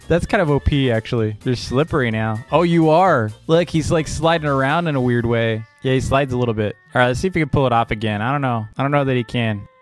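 A man giving casual, excitable gameplay commentary as a gaming video host, laughing often and breaking into sudden outbursts. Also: medium pitch. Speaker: gaming YouTuber.

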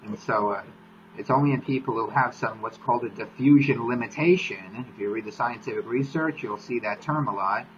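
Man, mid-pitched host lecturing on a live stream; teacherly and methodical, slightly muffled audio with a light hiss. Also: fairly quick. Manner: teacherly, steady, repeats key points to link concepts. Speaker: host, exercise physiologist. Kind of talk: explanatory live-stream lesson. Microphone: live-stream mic.

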